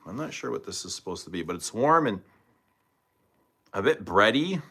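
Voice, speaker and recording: A man with a lowish, bright voice hosts a casual live stream, chatting easily and thinking out loud. His pitch bounces around in an animated way as he talks straight to viewers by name. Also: moderate pace, creaky, husky. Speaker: livestream host reviewing fragrances.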